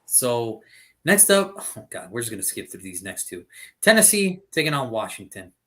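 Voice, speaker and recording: Male co-host, joking sports picks, very lively pitch. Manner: animated, swears, quick jokes. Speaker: podcast co-host. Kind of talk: casual sports chat.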